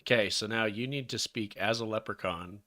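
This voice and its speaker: A man's voice: on the low side, a little fast, sharp tone, dry recording. A man co-hosting a casual live-streamed podcast, easygoing and laughing often, trailing off mid-sentence. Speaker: podcast co-host.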